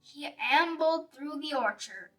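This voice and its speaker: A woman reading a rhyming children's storybook aloud in a slow, expressive, sing-song way. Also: high-pitched. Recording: voice a bit distant, faint music behind.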